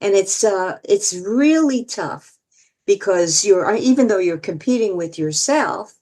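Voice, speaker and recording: An older woman entertainer telling stories as a guest, lively and theatrical, often laughing. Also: medium pitch, a little slow. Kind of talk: storytelling interview.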